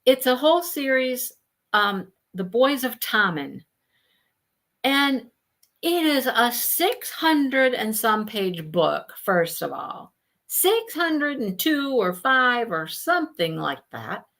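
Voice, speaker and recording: Woman host, casual live book chat, lively up-and-down pitch, laughs easily. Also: takes it slowly. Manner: chatty, laughing, animated.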